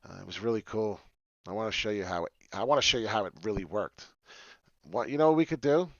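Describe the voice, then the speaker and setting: A man hosting a casual crypto livestream, talking in an excitable, rambling way with frequent swearing. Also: on the low side, quick pace, no room sound, highs cut off. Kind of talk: casual live chart talk.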